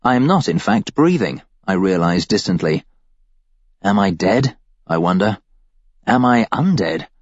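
A man narrating a first-person audiobook with a wry, deadpan delivery. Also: on the low side, measured pace, pauses often, no echo, muffled recording.

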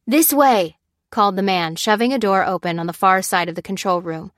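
A woman narrating a story in a steady, even storytelling manner. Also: mid-range voice, fast talker, no room sound, studio quality. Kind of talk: scripted narration.

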